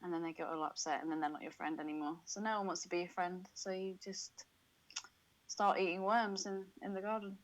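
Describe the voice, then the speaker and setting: A woman's voice: lowish voice, steady tone, fairly quick, poor audio. A woman co-hosting a podcast, talking in a crude, casual way with lots of swearing and laughter. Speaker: podcast co-host.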